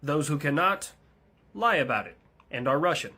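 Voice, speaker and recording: Brief: male comedy YouTuber, wry skit narrator, a bit high-voiced. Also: lively intonation, moderate pace, pushed and bright, breathy edge.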